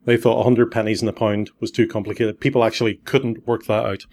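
A man's voice: lowish voice, little pitch movement, fast talker, a little mellow. A man hosting a podcast, explaining things at length in a casual, chatty way. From Northern Ireland. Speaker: podcast host.

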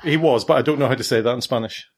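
A middle-aged podcast host chats casually on a family podcast in a rapid-fire, slightly rough, mid-range voice. Loose and playful, he rambles and often stops to correct himself.

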